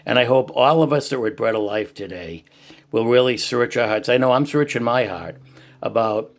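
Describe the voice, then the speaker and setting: An older man with a Boston accent and a loud, booming voice, giving an earnest personal testimony about faith. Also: normal speed. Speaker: Christian YouTuber sharing church reflections.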